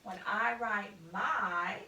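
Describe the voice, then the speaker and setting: A woman teacher giving a recorded phonics lesson for children, speaking slowly and deliberately, stretching and repeating sounds. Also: medium pitch, sharp tone, distant mic. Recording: echoey room, voice off-mic, faint hiss.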